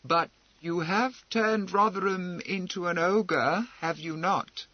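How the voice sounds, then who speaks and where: A man voicing a proud, composed noblewoman who speaks in a brisk, wry, commanding way, in an audiobook. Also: sits high, no room sound, highs cut off, pitched above the performer's own voice.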